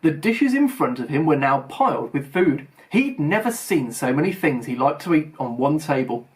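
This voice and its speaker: A man reading a novel aloud as an expressive storyteller. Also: a little high, moderate pace. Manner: expressive storytelling, voices for characters. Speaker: audiobook reader.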